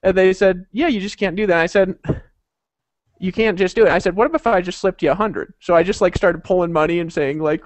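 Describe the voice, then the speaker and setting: A man's voice: sits high, expressive, quick pace, no room sound. A man hosting a group call, telling a rambling story with many fillers and asides. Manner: rambling, laughing, full of fillers. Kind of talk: casual storytelling.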